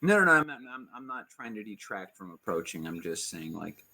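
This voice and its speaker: A man's voice: on the low side, big pitch swings, a little fast, creaky, sharp tone. A man playing in a tabletop game, casually talking through options in a hesitant way. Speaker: player.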